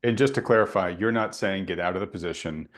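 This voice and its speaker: Low-voiced male host, halting delivery. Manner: halting, many restarts. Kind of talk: conversational panel discussion.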